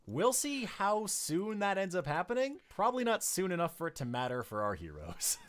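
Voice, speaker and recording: Man, game master, casual chat, lively pitch, laughs a lot, self-mocking. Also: normal speed.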